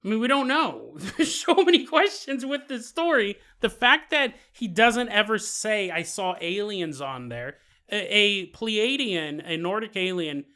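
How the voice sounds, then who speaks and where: A man hosting a podcast, narrating a paranormal story in an animated way and laughing as he goes. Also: high voice, a little slow, hardly any pauses. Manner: animated, laughs while telling. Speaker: podcast host.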